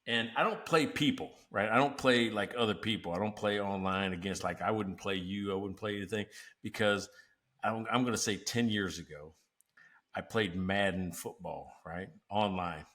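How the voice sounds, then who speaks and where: A man's voice: fairly low pitch, normal speed, fairly bright tone. A man hosting a casual business podcast, telling stories animatedly and laughing often. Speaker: podcast host. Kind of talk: casual chat.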